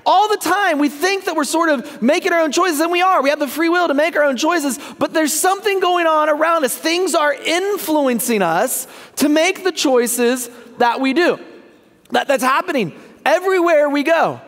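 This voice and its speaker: A man with a very high speaking voice preaches in a relaxed, chatty way, cracking jokes and asking the crowd if they follow. His words ring out with the long reverb of a church sanctuary. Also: moderate pace. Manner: joking, keeps checking in with the congregation. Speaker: pastor. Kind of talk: casual conversational sermon.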